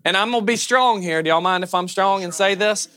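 A man with a Southern American accent preaching a sermon as a pastor, loud, animated and self-deprecating. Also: high-pitched, a little fast, smooth.

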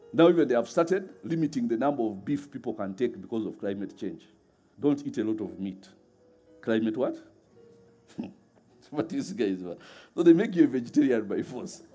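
Animated preacher man, mellow and husky. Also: medium pitch. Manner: lively, laughing often, acts out voices in stories. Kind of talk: sermon.

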